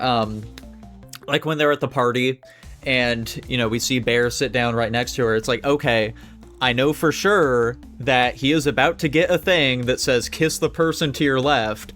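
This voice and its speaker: A man in the middle of a casual podcast chat, picking apart a horror movie. His pitch sits in a plain middle range, and he talks loosely, swearing freely and leaning on "like" over and over. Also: moderate pace, a bit bright, faint music behind. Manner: loose and swearing, lots of "like" fillers. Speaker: podcast co-host.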